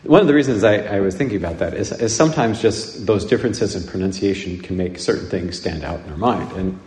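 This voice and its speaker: Rambling preacher in an echoey church. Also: male voice, sits low, darkish tone. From Nebraska, USA. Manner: rambling, halting with many restarts and fillers. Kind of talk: conversational homily. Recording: echoey church with long reverb.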